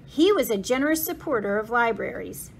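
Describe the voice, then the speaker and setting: A bookish schoolgirl shares facts in a calm, matter-of-fact voice that sits fairly high, read aloud by a woman. She sounds like a quiet storybook know-it-all. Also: a little fast, vocal fry, a little hiss or hum.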